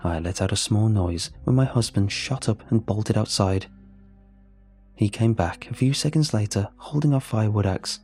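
A man narrating a first-person horror story, with steady, measured storytelling. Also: lowish voice, slightly rough. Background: faint music.

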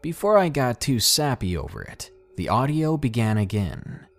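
A man narrating a first-person story in a dramatic, expressive storytelling manner. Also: mid-range voice, moderate pace, creaky, soft background music.

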